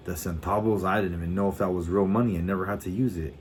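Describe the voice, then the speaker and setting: A middle-aged man with a very low voice, talking in a laid-back, rambling way. He swears casually and trips over his own words as he restarts sentences. Faint ambient noise sits behind him. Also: steady tone, fast. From United States. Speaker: vlogger. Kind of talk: casual chat.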